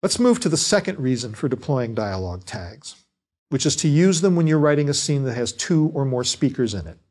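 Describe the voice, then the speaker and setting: A man giving a scripted lecture on fiction writing, speaking in a measured, deliberate way. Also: mid-range voice, big pitch swings, darkish tone.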